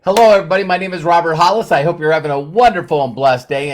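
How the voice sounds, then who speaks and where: A man's voice: a little high, rapid-fire, hardly any pauses. A man hosting a live stream, chatting to viewers, greeting them by name and using lots of fillers. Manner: uses many fillers and repeats words. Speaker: livestream host.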